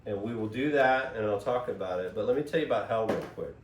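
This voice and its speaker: A man's voice: lowish voice, fast talker. A man hosting a casual spiritual monologue, rambling and digressive, recorded on a phone. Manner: rambling, digressive, self-interrupting. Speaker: host. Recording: echoey room, voice from far off, faint hiss.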